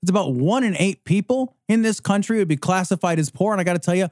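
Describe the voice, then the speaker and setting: A man co-hosting a podcast in a fairly high voice. He swears freely and mocks his targets. The recording is dry and close, with no room sound. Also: quick pace, no echo. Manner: profane, animated, mocking. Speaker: podcast co-host. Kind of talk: casual political chat.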